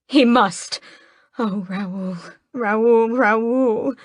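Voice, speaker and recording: A woman's voice: high voice, slow, darkish tone, dry recording, clean studio sound, pitched above the performer's own voice. A woman voicing a grand, manipulative vampire mother in an audiobook, theatrical and dramatic. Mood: sobbing pleas. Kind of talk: audiobook character voice.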